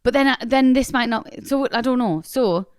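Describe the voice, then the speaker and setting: A young woman co-hosting a podcast, reading a listener's story aloud with expressive delivery and chatting casually. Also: on the high side, moderate pace, clean tone, no echo, studio quality. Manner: expressive, laughs often. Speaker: podcast co-host.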